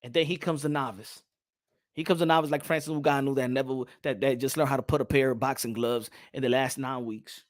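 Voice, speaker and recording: A man hosts a casual boxing talk show, speaking at a brisk clip in a medium-pitched voice. He's animated and repetitive, growing loud and excited as he drives home his points.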